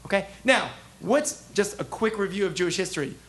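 High, gravelly man teaching a text class. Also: a little fast. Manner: animated, asks the class questions, acts out the prophets' voices. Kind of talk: interactive text lesson.

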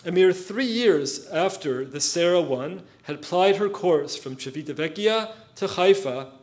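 A man giving an academic lecture, reading from his notes in a measured way, with spoken asides and quoted passages. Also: high voice, expressive. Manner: measured, reads quotes aloud, adds asides.

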